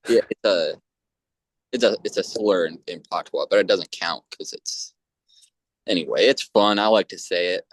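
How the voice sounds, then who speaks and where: A man co-hosting a podcast in casual chat, talking in a hesitant, halting way with many restarts. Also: deep voice, no echo. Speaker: podcast co-host.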